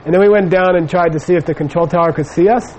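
A man's voice: high voice, fast, darkish tone, a little hiss or hum, rough recording. A middle-aged man giving a Buddhist teaching, telling a personal story in a rambling way with many fillers. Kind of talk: dharma talk with personal anecdote.

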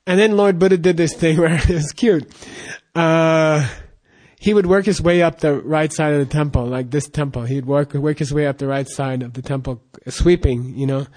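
In a slightly mellow voice that's a bit high for a man, a male Buddhist monk relates a teaching story in rambling, halting fashion, with fillers, restarts, and laughs, chatting rather than preaching.

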